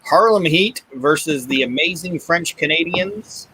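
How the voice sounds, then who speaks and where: Bright-voiced man chatting casually. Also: fairly high pitch, lively intonation, measured pace, breathy edge, poor audio. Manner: swears freely, laughs often. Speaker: podcast co-host. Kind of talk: casual chat recapping wrestling.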